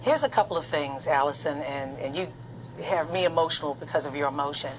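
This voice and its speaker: A woman's voice: deep voice, expressive, fairly quick, a little hiss or hum, poor audio. A woman giving television news commentary as a panel guest, earnest and building her points with repeated phrases.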